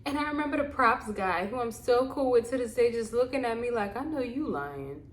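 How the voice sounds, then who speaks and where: A young adult woman casually telling stories to camera. She is animated, laughs, and acts out what people said. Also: a little high, fairly quick, echoey room. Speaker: vlogger and actor.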